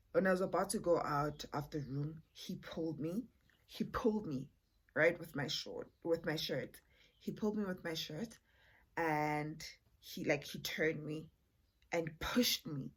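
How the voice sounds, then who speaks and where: In a casual storytime vlog, a woman chats with her viewers, calling them "guys" and using lots of filler words. Her voice is deep, slightly bright and a little rough, and she speaks unhurriedly.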